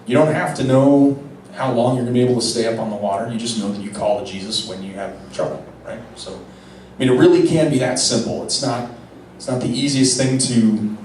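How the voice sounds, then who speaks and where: A man's voice: medium pitch, darkish tone, a little hiss or hum. A young man giving a conversational homily, telling a personal story with casual, wry asides and frequent restarts. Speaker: preacher. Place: large echoey church. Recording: echoey church from far off.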